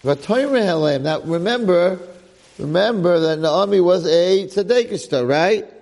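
A man giving an informal, animated Torah class to a group, talking casually and dropping in Hebrew and Yiddish terms. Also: high voice, slow. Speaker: Torah lecturer.

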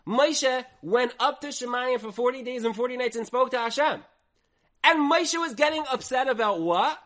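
A man teaches a Torah lesson in a fairly high voice. He tells the story with drama, acting out the quoted lines, and his volume rises and falls as he goes. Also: normal speed. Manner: dramatic storyteller, acts out quoted speech with swings in loudness.

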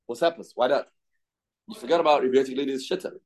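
A man's voice: mid-range voice, fast talker, darkish tone, poor audio. A man teaching a daily Talmud class. He explains in short, repeated phrases and asks rhetorical questions.

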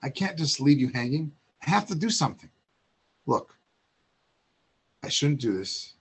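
A man voicing a hesitant older friend of the father, speaking in a lowered, reluctant way. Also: big pitch swings, unhurried, slight background noise. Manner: reluctant, hushed.

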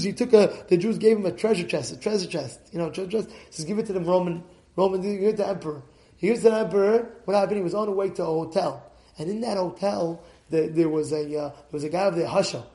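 A man who is a rabbi, telling a sermon story in an animated way, dropping to a hush and rising to shouts. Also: high voice, roomy sound. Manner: animated, acts out voices, swings between hushed and shouting.

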